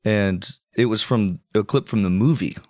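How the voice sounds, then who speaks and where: Male co-host, lowish voice, dry sound, wisecracking. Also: moderate pace, no echo. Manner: wisecracking, animated when ranting. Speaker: podcast co-host. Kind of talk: casual comedic chat.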